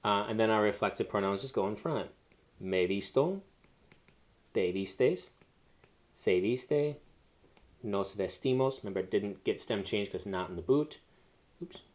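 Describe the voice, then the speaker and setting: Male teacher, lowish voice, walks learners through grammar step by step, casual and unscripted. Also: expressive, a little slow, pauses often. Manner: explains step by step with fillers and self-corrections. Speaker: Spanish teacher. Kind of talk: recorded classroom lesson.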